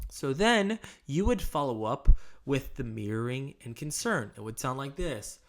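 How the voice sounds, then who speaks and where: A man's voice: medium pitch, sing-song, unhurried, vocal fry, few pauses. A man hosting his channel, coaching salespeople in a direct, emphatic, motivational way. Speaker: sales trainer and channel host. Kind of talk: coaching monologue to camera.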